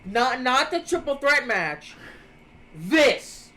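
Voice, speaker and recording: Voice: sits high, sing-song, takes it slowly, bright, forceful tone, poor audio. A streamer co-hosting a live show, chatting casually with blunt, sarcastic remarks and offhand swearing. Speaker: streamer co-host.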